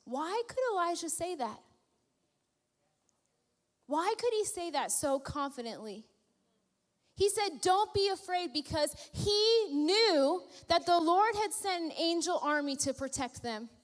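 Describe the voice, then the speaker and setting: A woman pastor preaches with a high voice, leaning into playful storytelling. She takes her time and drives points home with emphatic repetition. A long reverb from the church hall hangs after each phrase. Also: very animated, slow. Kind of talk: sermon.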